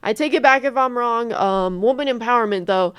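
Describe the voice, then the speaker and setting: A woman from the United States giving casual reaction commentary, expressive and thinking aloud, swearing freely. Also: fairly high pitch, fairly quick, smooth, dry recording. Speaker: reaction streamer.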